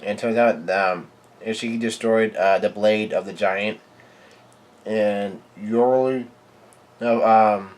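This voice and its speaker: A man giving a live reading and reaction to a comic chapter, in a halting, stumbling way full of restarts. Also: lowish voice, fairly even intonation. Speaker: manga reader and reactor.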